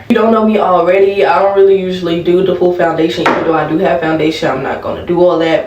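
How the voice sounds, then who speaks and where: A woman's voice: lowish voice, recorded from a distance, a little hiss or hum. Chatty young woman, roomy sound. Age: young adult. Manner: chatty, laughing asides, addresses viewers as y'all. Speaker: vlogger. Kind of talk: casual storytime chat while doing makeup.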